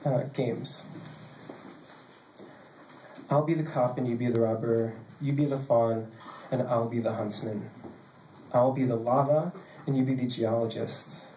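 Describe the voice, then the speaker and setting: A man reading his own poems live on a stage mic, casual and joking between pieces and measured while reading. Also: medium pitch, steady tone, mellow, a little hiss or hum. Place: basement bar venue, live. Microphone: handheld stage mic. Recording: echoey basement room.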